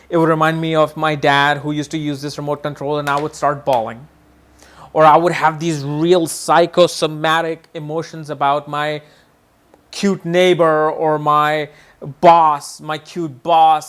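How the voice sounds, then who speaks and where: A man teaching an astrology lesson in a lively way, often acting out what people say and repeating his words. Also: fairly high pitch. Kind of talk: video lesson.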